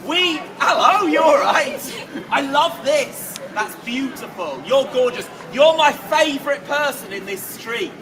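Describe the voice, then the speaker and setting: A man performing as a poet on a city street, playful and exuberant, often shouting to draw the crowd into call-and-response. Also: extremely high pitch. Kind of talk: street performance poetry with audience participation. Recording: distant mic, crowd and street noise.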